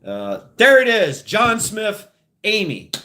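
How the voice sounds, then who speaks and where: A man's voice: sits high, wildly swooping pitch, takes it slowly, bright, forceful tone, a little hiss or hum. A man, maybe in his thirties, hosting a casual livestream, talking to his chat in a rambling, profane way and laughing at his own jokes. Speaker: livestream host.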